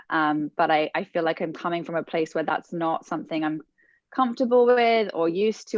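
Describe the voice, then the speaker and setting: A woman's voice: low-pitched, a little mellow, no echo, dull audio. A woman from England, a training participant asking a question in a hesitant, reflective way. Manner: hesitant, reflective, many fillers.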